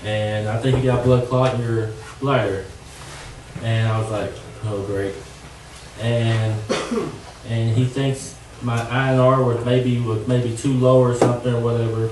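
Young man, earnest halting testimony, church, far from the mic, heavy echo. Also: mid-range voice, little pitch movement, background noise. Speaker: church member giving testimony. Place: church sanctuary.

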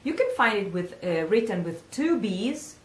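A woman from Italy with an Italian accent, a singing teacher giving a pronunciation lesson and repeating words slowly for the learner to echo. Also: mid-range voice, very animated.

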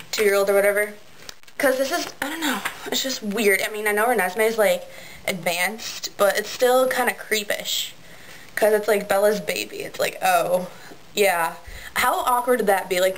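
A teenage girl chatting excitedly on a webcam vlog, giggly and filling her talk with um and like. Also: mid-range voice, a little hiss or hum, low-quality recording. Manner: bubbly, giggly, many ums and likes. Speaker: vlogger. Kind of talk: excited casual vlog chat.

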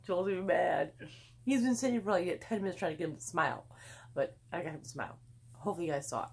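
A woman's voice: fairly low pitch, fast, a little mellow, breathy edge. A middle-aged woman chatting at home in a rambling haul vlog, swearing freely as she talks. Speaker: vlogger. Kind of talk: casual haul vlog chat. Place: home, indoors.

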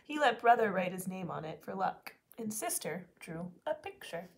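Animated woman reading a picture book to kids. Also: medium pitch, moderate pace, creaky. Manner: expressive, animated. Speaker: teacher.

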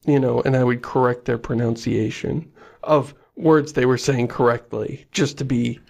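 A man's voice: medium pitch, fairly even intonation, moderate pace, vocal fry, a little mellow. A man co-hosting a podcast in casual chat, jokey and self-mocking, laughing often. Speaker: podcast co-host.

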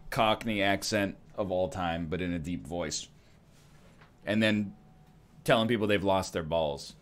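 A man's voice: lowish voice, fairly bright tone. A man joking and thinking aloud as he plays a strategy game, giving casual gameplay commentary. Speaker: gaming streamer.

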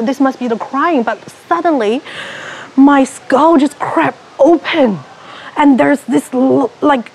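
A woman sharing a personal retreat experience, telling it in an animated way and acting out her own thoughts, with non-native English phrasing. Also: sits high, slightly rough. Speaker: retreat participant. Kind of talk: personal testimonial.

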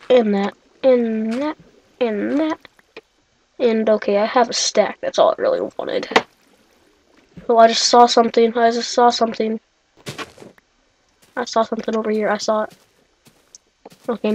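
A young woman giving excitable, chatty let's-play commentary, talking to herself and shrieking when startled. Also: a little high, a little slow, long pauses, slight background noise, rough recording. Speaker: gaming video creator.

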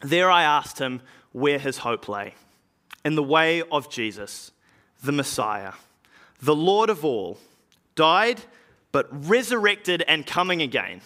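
In a church drama, a man plays an early Christian evangelist, recounting his story in a dramatic first-person monologue. His fairly high, bright voice is sing-song, forceful and heavily acted, and his earnest storytelling is marked by slow, weighty pauses.

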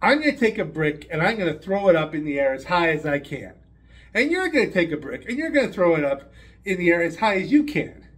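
A man's voice: on the high side, sing-song, a little fast, a bit bright. A man playing a taunting brute of a bully. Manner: taunting, blustery. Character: menacing drunk male bully, brick-layer.

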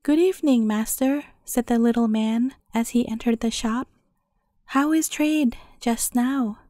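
A woman's voice: fairly high pitch, measured pace, no room sound, studio quality, close to an everyday voice. Jacob, a woman voicing a pleading boy. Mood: polite. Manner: pleading, soft-spoken. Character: young boy turned dwarf, gentle and bewildered.

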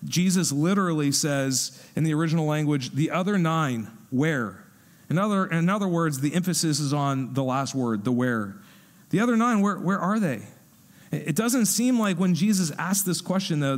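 A male pastor giving a sermon in a conversational, animated way. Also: on the high side, fairly quick. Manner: conversational, animated when acting out quotes.

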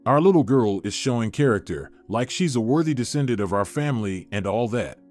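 A man's voice: mid-range voice, animated, brisk, a little mellow, soft background music, close to an everyday voice. Man reading as a cold scornful sister. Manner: cold and mocking, read plainly. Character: scornful young woman, greedy domineering sister.

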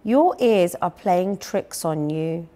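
A woman's voice: fairly low pitch, animated, slow pace, warm tone. A woman voicing a doubtful female schoolteacher in a children's story, dismissive and matter-of-fact.

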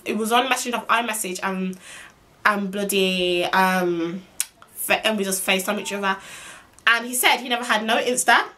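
A young woman tells a personal story to the camera. She talks in a chatty, animated way at a middle pitch and swears freely, like a casual vlog storytime. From Birmingham, England. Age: young adult. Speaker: vlogger.

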